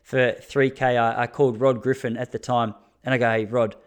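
A man's voice: mid-range voice, little pitch movement, fairly quick, clear, resonant tone. A man, a running coach talking frankly to his listeners in a casual solo podcast, with fillers and restarts. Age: 30s.

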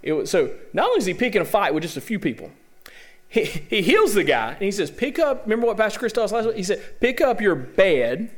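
High, animated preacher man. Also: fast. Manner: lively, joking, keeps asking the congregation rhetorical questions. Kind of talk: sermon.

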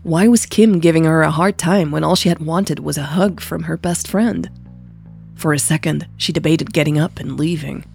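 A woman narrating a romance story as a podcast host, in a calm, even storytelling manner. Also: low voice, moderate pace, creaky, faint music behind.

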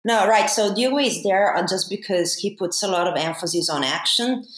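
A woman from Italy, a guest explaining ideas at length in a measured way with frequent fillers. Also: medium pitch. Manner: measured, thinks aloud with fillers. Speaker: guest academic. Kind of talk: explanatory interview talk. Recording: echoey room.

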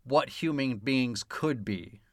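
A man's voice: medium pitch, slow, a bit bright, dry recording, clean studio sound. Laughing, profane podcast co-host man. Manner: profane, laughs often, mock-stern teasing. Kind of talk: casual chat about a film.

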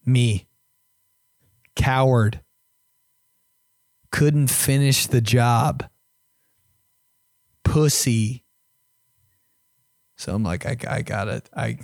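A young man hosts a podcast and tells crude, self-mocking stories in a loose, chatty way. His voice sits in a middle pitch and often swings between loud and hushed. The sound is dry and close, with no room echo. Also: fairly even intonation, slow, vocal fry, long pauses. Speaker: podcast host. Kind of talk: casual storytelling.

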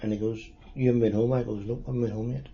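A man in his sixties with a Derry accent, recalling past events in a halting, plain-spoken way during an oral history interview. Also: medium pitch, steady tone, gravelly. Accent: Northern Irish, Derry. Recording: dull lo-fi recording.

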